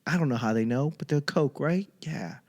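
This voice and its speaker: A young man from the Boston area riffs through a loose comic monologue as host of his own podcast. He talks casually and profanely, wanders off on tangents, and drops into quick voices for other people. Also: on the high side. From Boston area, USA. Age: young adult. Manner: rambling, profane, animated impressions of others.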